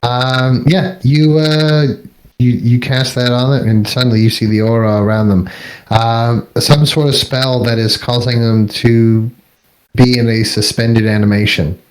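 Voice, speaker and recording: A man narrating as game master of a tabletop game, halting and searching for words. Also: medium pitch, fairly even intonation, poor audio. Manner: halting, full of ums and restarts.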